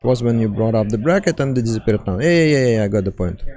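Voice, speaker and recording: A man with a Russian accent, a tournament caster chatting loosely and haltingly with many fillers on a live stream. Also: medium pitch, expressive, a little mellow. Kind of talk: casual live-stream commentary.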